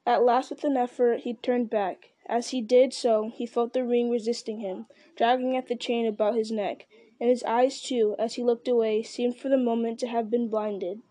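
A woman reading a fantasy novel aloud in a steady, measured voice, with the odd slip and restart. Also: a little high, no echo. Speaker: audiobook reader. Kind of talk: storybook narration.

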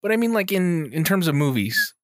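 A man's voice: a little high, big pitch swings, a little fast, no room sound, studio quality. A man co-hosting a podcast in casual chat, laughing often as he retells clips. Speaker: podcast co-host.

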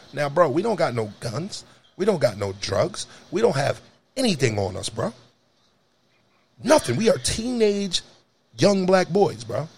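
Animated, profane man telling a story. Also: measured pace, creaky, long pauses, breathy edge. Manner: animated, profane, jumps to high shouts when acting out scenes. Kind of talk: casual storytelling.

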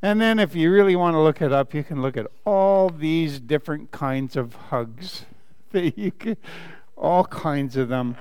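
A man, a pastor, reading a children's story aloud during a sermon, animated and playful with laughing asides. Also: a little high, unhurried, clean tone, big-room sound.

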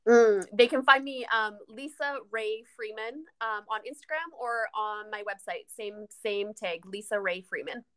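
A woman's voice: mid-range voice, a little slow, few pauses. A woman guest on a podcast who runs retreats, talking casually and laughing often as she tells stories. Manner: giggly, animated storytelling with frequent laughter.

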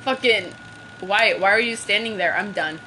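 A woman playing a video game with a cousin, trash-talking loudly and then sulking in a low mumble. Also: normal speed, a little hiss or hum. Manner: loud, swings between yelling and mock-sulky mumbling. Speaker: podcast host playing a game. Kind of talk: casual gaming banter.

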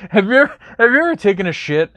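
A man's voice: sits high, big pitch swings, fast, a bit bright, no echo, dull audio. A man in his twenties co-hosting a podcast, chatting casually with crude, laid-back banter. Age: 20s. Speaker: podcast co-host. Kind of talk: casual chat. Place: indoors.

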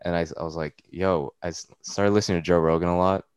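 Deep-voiced young guy hosting casually. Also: fairly even intonation, fast talker, darkish tone, clear, resonant tone, no echo. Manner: loose, slangy, swears freely. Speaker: podcast host. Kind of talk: casual chat. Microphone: computer mic.

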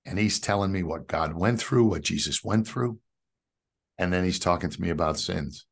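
A middle-aged man from New York tells his faith story as a podcast guest, in a voice that sits somewhat low. He talks in an animated, storytelling way and calls the host brother. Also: moderate pace, vocal fry, slightly rough. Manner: animated storyteller who acts out quoted dialogue. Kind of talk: personal faith testimony.

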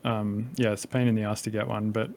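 Relaxed man with a light Australian accent. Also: fairly low pitch, fast, creaky. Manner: rambling, relaxed, swears freely. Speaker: podcast guest. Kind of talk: casual podcast chat.

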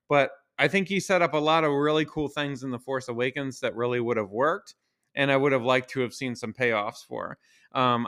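Bright-voiced man ranting with heavy profanity. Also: medium pitch, smooth. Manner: profane, exasperated, rhetorical questions. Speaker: podcast host. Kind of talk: casual ranting monologue.

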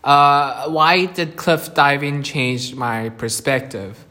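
A man's voice: fairly high pitch, fairly even intonation, slow pace, pushed and bright. A man hosting a casual solo podcast from a bigger indoor room, rambling and self-deprecating, often chuckling as he talks. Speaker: podcast host.

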